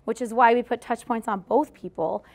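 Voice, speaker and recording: A woman's voice: fairly high pitch, steady tone, fairly quick, darkish tone. A woman giving a live talk to an audience, speaking directly and chattily and often checking in with "okay?". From Australia. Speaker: speaker at a workshop.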